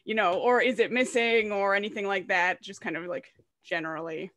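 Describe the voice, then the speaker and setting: A woman at a medium pitch talks lightly and casually as a tabletop game player. She fills her speech with little hedges and fillers and reminisces in an easy way. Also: steady tone, a little fast, fairly bright tone, no echo, studio quality. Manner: chatty, light, filler-heavy.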